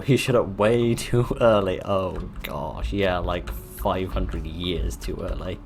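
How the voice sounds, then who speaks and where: A man's voice: low-pitched, unhurried, slight background noise. A man hosting a game playthrough, reading the text aloud with dry, sarcastic asides. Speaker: gaming video host. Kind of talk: let's-play commentary and reading game text.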